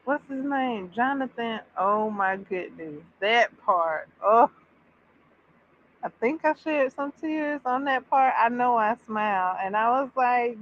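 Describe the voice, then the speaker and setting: A woman chatting casually on a livestream, reacting with bursts of excitement and drawn-out exclamations. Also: a little high. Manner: animated, exclaiming, drawn-out repeats. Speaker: streamer reacting to a series. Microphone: streaming mic. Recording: slightly dull audio with faint background noise.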